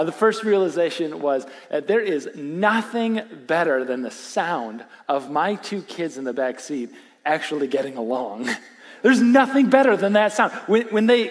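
High-voiced pastor in a reverberant hall. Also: male voice. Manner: animated, self-deprecating humor. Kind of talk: sermon with a storytelling opening. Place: church sanctuary.

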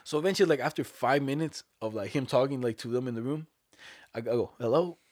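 Fast-talking young man telling a story. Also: medium pitch, no echo, studio quality. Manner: animated, swearing, acts out voices in anecdotes. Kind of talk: casual storytelling chat.

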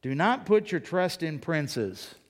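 A middle-aged pastor preaching with emphatic conviction. His voice sits a little high for a man, and it climbs higher when he drives a point home. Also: big pitch swings, slow. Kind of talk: sermon.

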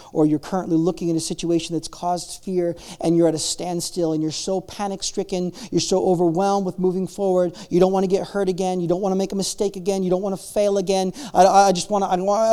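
A man preaching a sermon, swinging between loud, drawn-out preaching and quiet asides, acting out the people in the story. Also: high voice, smooth. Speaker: pastor.

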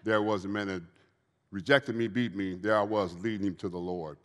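Male testimony preacher, 50s, lowish voice, hushed storytelling into fervent appeals, live hall with long reverb. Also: fairly even intonation, moderate pace, heavy background noise. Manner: low, quiet storytelling that swells into fervent exhortation. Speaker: guest speaker giving a testimony. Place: large hall with an audience.

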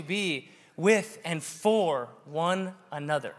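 A man preaching a sermon to a congregation, animated and joking with the audience. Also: on the high side, normal speed. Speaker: pastor. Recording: long reverb of a large hall.

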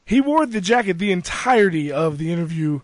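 A man co-hosting a podcast in a radio studio, chatty and quick to tease. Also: sits high, sing-song, no echo. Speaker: podcast co-host. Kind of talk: casual podcast banter.

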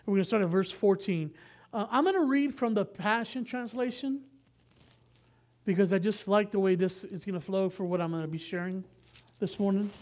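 A man's voice: sits high, normal speed, a little mellow. A man giving a sermon as pastor, reading scripture in a casual, conversational way with frequent asides and self-corrections.

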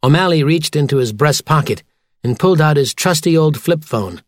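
A man narrating a children's audiobook in a lively, expressive way. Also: on the high side, a little fast, no echo, studio quality. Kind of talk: scripted narration.

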